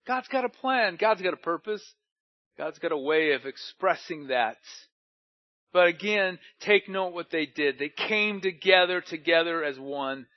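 High-pitched pastor guy preaching, laughs a lot, acts out the bible quotes, kinda muffled lo-fi sound. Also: unhurried. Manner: animated preaching, laughs often, quotes scripture in dramatic voices. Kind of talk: sermon. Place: church.

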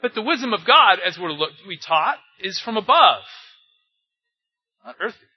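Husky high-voiced older male preacher. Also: sing-song, normal speed, faint music behind. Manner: asks rhetorical questions, tells anecdotes. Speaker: pastor. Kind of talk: conversational sermon. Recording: dull lo-fi recording.

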